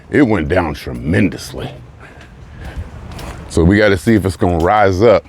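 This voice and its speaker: A man's voice: low-pitched, a little mellow, a little hiss or hum. A man vlogging while walking outdoors in the sun, slightly out of breath, talking in a rambling, reflective way and often restarting his phrases. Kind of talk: casual spoken monologue while walking.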